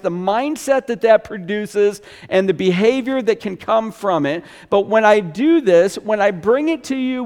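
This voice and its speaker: Man, pastor, high voice, sermon, conversational preaching, hushed asides and loud bursts, long hall reverb.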